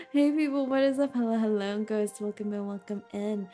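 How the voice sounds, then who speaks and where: A woman's voice: mid-range voice, normal speed, dark tone. A young woman streaming a game, chatting casually and breaking into frequent laughter. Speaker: VTuber streamer. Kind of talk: casual live-stream chat over gameplay. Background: faint game music.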